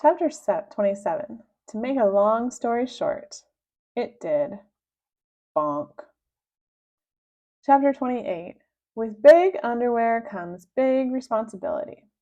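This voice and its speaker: Expressive woman reading a kids' book. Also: slow, pauses often. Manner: expressive, lively storybook narration. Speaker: reader. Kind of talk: reading a children's book aloud. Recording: dull low-fidelity sound.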